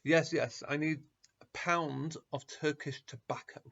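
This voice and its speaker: Guy doing a quiet insistent old rabbi, soft and pleading, muffled lo-fi sound. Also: on the high side, little pitch movement, unhurried, vocal fry, exaggerated voice. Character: old rabbi leading his disciples, earnest and gentle. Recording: dull lo-fi recording.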